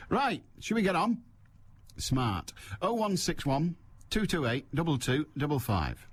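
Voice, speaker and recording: Older male phone-in host; dry, self-deprecating, digressive delivery with a lively pitch. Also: a little slow, breathy edge, no room sound. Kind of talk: rambling solo radio chat. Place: radio studio. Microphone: studio mic.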